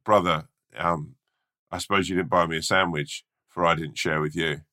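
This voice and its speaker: A man's voice: low-pitched, fairly even intonation, moderate pace, sharp tone. A man voicing a selfish male rat, now humbled, speaking formally and sheepishly.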